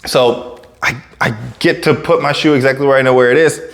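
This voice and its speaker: A man telling a personal story in a casual, relaxed way, stumbling over restarts and acting out other people's lines. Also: mid-range voice, brisk. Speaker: fitness coach and storyteller.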